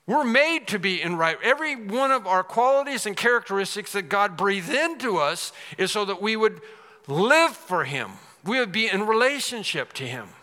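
A man's voice: sits high, very animated, moderate pace, pushed and bright. A man preaching a sermon, speaking emphatically and repeating phrases for effect. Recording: long hall reverb.

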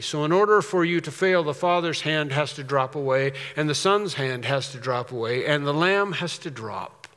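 A man preaching a sermon as pastor, swelling to loud, slowed emphasis on key phrases and dropping back to a quieter tone. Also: a little high, big-room sound.

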